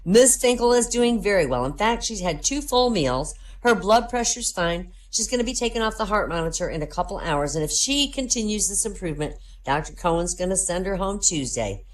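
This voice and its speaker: A woman voicing a polite male hospital clerk who briskly reports a patient's progress over the phone. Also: medium pitch, sing-song, pitched above the performer's own voice, close to an everyday voice. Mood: reassuring.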